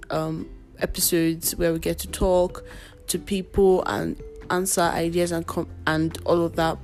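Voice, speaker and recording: A woman hosting a casual solo podcast, with a voice that sits a little low for a woman. She sounds chatty and playful and talks straight to her listeners. Soft music plays faintly underneath. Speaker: podcast host.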